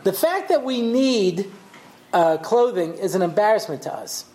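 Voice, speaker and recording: The audio is poor, but the rabbi's high, animated voice and dark tone come through at a measured pace. He gives a conversational Torah class full of stories, voicing the characters and often asking "yeah?".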